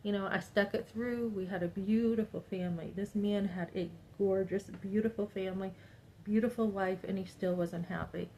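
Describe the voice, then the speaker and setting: A woman's voice: mid-range voice, fairly even intonation, normal speed, mellow, slight background noise, low-quality recording. A woman in her fifties talking to her viewers in a personal monologue. She sounds upset and speaks emphatically, rambling and acting out what other people said. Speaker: vlogger.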